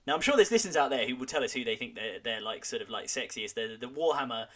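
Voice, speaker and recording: A man's voice: medium pitch, lively intonation, quick pace, a bit bright. A man hosting a podcast in casual chat, telling stories in a chatty way. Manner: chatty storyteller who slips into quoted voices. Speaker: podcast host.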